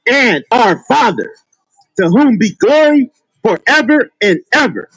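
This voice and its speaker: Very high husky man reading scripture. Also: big pitch swings, fairly bright tone, dry recording, low-quality recording. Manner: slow, careful reading. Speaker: scripture reader.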